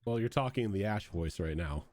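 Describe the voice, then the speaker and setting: Relaxed low-voiced male game master. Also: a little fast, no room sound, clean studio sound. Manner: relaxed, with filler words. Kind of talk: narrating a tabletop game.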